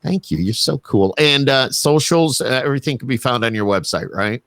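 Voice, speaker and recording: A man's voice: mid-range voice, expressive, moderate pace, fairly bright tone, no echo. A man with a Syracuse accent hosting a podcast from his home studio, chatting in a jokey, rambling way. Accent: Central New York. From Central New York. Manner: jokey, rambling, laughs easily. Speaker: podcast host. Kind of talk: casual chat.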